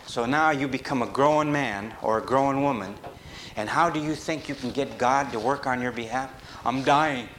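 Emphatic male preacher, faint background hiss. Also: normal speed. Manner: animated, rises to emphatic peaks and drops low. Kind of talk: sermon.

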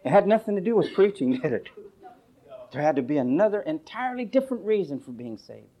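A male pastor preaching a sermon in a sarcastic, mocking storytelling manner, swinging from loud outbursts to low asides. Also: very animated, fast talker.

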